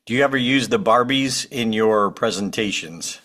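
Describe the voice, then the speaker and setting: A man's voice: lowish voice, fairly bright tone. A man hosting a podcast, asking friendly questions and wrapping up the interview. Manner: friendly, brisk wrap-up questions. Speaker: podcast host. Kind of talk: casual interview.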